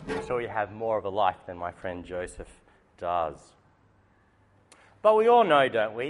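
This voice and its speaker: A man giving a sermon, telling a story in a lively, humorous way. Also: on the low side. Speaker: preacher. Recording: faint background noise.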